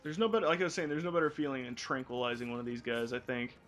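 A man's voice: mid-range voice, steady tone, racing, fairly bright tone, faint music behind. A young man from the American South hosting a casual co-op gameplay chat, laughing often and swearing freely. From Southern United States. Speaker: gaming channel host.

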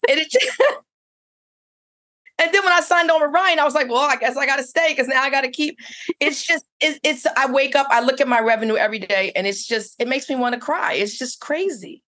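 A woman's voice: sits high, quick pace, bright, forceful tone. A middle-aged woman who owns a spa, telling her story in a casual interview with eager, rambling restarts. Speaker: spa owner and esthetician.

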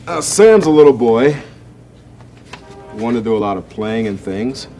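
A man hosting a 1960s children's show, reading a storybook aloud in a gentle, expressive way. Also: mid-range voice, unhurried, faint music behind. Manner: gentle, expressive storytelling, acting out the family's voices. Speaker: children's TV host. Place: TV studio set.

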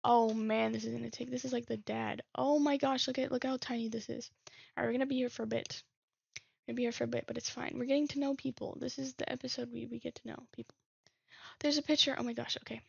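Woman streamer with a heavy vocal fry and a flat, slightly high voice, reading messages aloud, on a dull lo-fi recording. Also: fast, no echo. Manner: reads text messages aloud and muses over them. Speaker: game streamer. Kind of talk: casual let's-play commentary.

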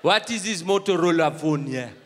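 A man playing a rough, aggressive street robber who barks and demands. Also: fairly high pitch, expressive, normal speed, in a large hall. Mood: bullying. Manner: loud, bullying, demanding.

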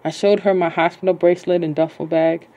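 A woman reading her own novel aloud in a casual, halting way, stopping to correct herself when she stumbles. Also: fairly low pitch, steady tone, dark tone, muffled recording.

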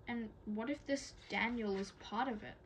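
A woman's voice: fairly high pitch, moderate pace, a little hiss or hum, lightly acted. A woman voicing an anxious young older sister who pleads urgently, in a fan-read audiobook. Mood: worried.

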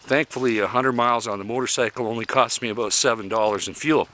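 A man's voice: mid-range voice, fast, sharp tone. A man in his fifties from Canada, talking casually and bluntly in a folksy, opinionated monologue and chuckling at his own jokes. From Canada (Yukon). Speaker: vlogger living in an RV.

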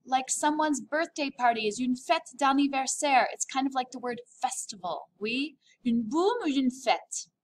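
A woman's voice: sits high, lively intonation, moderate pace, few pauses, a little hiss or hum. An upbeat, playful woman teaching a recorded French lesson, drawing out words to model pronunciation.

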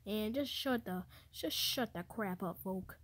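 A woman's voice: mid-range voice, measured pace, a bit bright, a little hiss or hum, natural voice. A woman voicing Mario as a swaggering, slang-heavy wannabe gangster in an amateur fan movie. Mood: cocky. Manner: swaggering slang, dismissive, bossy. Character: Mario acting as a cocky wannabe gangster, male adult.

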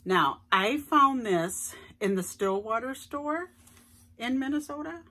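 A woman's voice: high-pitched, expressive, slow, bright, forceful tone. A middle-aged woman, chatting casually to viewers at home as she shows off her shopping haul. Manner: chatty and enthusiastic, addresses viewers directly. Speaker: vlogger showing a shopping haul. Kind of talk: casual haul vlog chat. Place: at home indoors.

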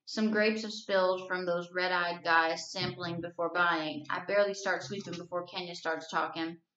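A woman teacher reading a novel aloud to her class, telling the story at a steady, even pace. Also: lowish voice, normal speed. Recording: roomy, slightly dull recording.

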